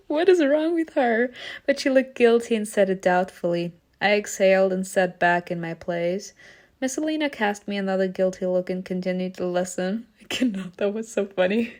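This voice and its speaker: A woman's voice: medium pitch, animated, moderate pace. A young woman reading a story game aloud, breaking off with giggly, informal reactions.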